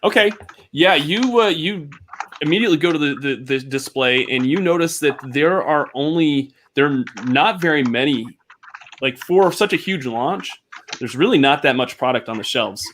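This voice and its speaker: Guy running a tabletop game, kinda high voice, lots of uhs and restarts. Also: lively intonation, a bit bright, slight background noise. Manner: halting, full of fillers and restarts. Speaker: game master.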